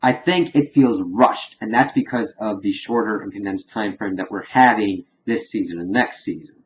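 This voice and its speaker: A man's voice: on the low side, normal speed, highs cut off, slight background noise. A man giving a casual spoken review, rambling through scene recaps with lots of filler words. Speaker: TV show reviewer.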